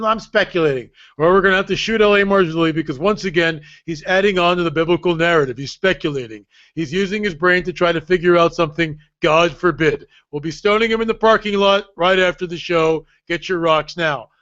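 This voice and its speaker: A man's voice: sits high, fairly bright tone. An older man telling a story with drama, acting out the dialogue and joking sarcastically. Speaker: guest author. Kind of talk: animated storytelling. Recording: dull lo-fi stream audio.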